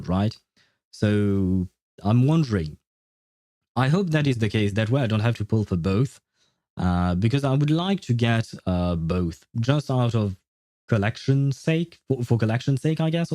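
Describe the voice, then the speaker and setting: A man's voice: fairly low pitch, mellow, dry recording, studio quality. A man streaming a game, chatting casually and thinking aloud with many fillers and restarts. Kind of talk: casual livestream chat.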